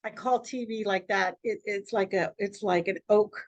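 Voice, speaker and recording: A woman who is a radio host, talking in a free-flowing, emphatic, animated way in a casual interview. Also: medium pitch, moderate pace, dry recording, muffled recording. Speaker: radio host and network owner.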